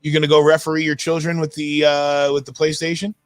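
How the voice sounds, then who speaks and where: Male host, casual game chat, names players fast, slightly high pitch, dry sound. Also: level tone, no room sound. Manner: chatty, rattles off player names. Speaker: stream host. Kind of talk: casual live game commentary.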